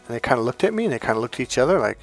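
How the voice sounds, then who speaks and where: A man's voice: mid-range voice, sing-song, very fast, no echo, soft background music. A middle-aged man coaching in a spontaneous, emphatic monologue, acting out the dialogue in his stories. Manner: emphatic, storytelling, acts out quoted dialogue. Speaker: self-help coach.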